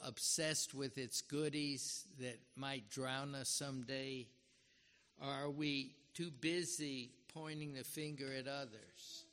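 A man's voice: medium pitch, sharp tone. A man giving an earnest, dramatic sermon and acting out the scripture he quotes. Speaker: preacher. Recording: reverberant hall.

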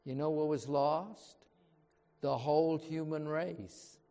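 A man's voice: a little high, fairly even intonation, slow, dark tone. A man preaching a sermon with emphasis, often putting rhetorical questions to his listeners. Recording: reverberant hall.

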